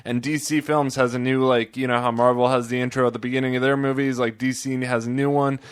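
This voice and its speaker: A man hosting a casual comics podcast, talking in a relaxed, rambling way with plenty of fillers. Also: medium pitch, fast, smooth, no echo. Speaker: podcast host.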